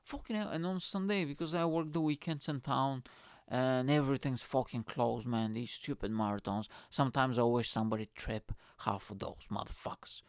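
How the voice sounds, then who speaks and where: A man, a comedian hosting his own show, ranting in a profane, animated way about people he finds baffling. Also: medium pitch, clean tone, no echo, clean studio sound. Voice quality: profane, fast-swinging rant. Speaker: comedian host. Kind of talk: comedic rant.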